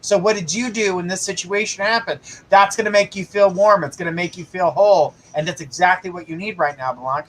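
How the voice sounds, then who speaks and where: A man's voice: sits high, fairly quick, few pauses, slight background noise, rough recording. A man hosting a live psychic show, giving casual, reassuring readings and direct advice to a caller. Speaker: psychic host.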